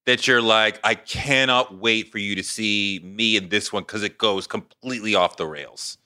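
A man hosting a podcast, asking lively, enthusiastic questions. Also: on the low side, moderate pace, clear, resonant tone, dry recording, studio quality. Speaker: podcast host. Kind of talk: interviewing.

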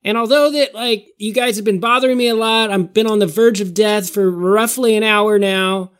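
Male player, deadpan in-character monologue. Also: high voice, moderate pace, clear, resonant tone. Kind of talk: in-character tabletop play.

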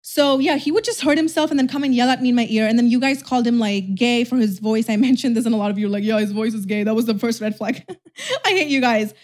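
A young woman influencer telling a storytime vlog, chatty and animated, with lots of "like". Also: on the high side, quick pace.

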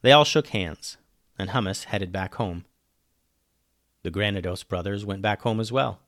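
A man's voice: lowish voice, unhurried, fairly bright tone, no echo, studio quality. A man narrating a playful children's story as the show's host.

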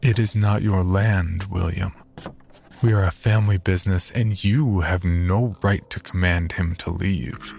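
A man's voice: low-pitched, steady tone, unhurried, gravelly, a little mellow, a little hiss or hum. Man voicing a stern, controlling frontier brother. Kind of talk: horror story reading.

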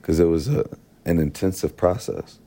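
A young man, a musician, talking in a relaxed, reflective way during an interview, thinking aloud with plenty of fillers. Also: low-pitched, moderate pace. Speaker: musician guest. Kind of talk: casual interview talk.

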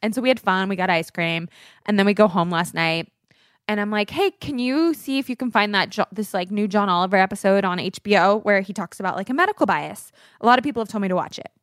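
A woman in her thirties chats on a podcast, telling a personal story with constant fillers and quick acted-out quotes. Her voice sits in an ordinary middle pitch. It is recorded close and dry, with no room sound. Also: no room sound. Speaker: podcast co-host. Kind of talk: casual chat.

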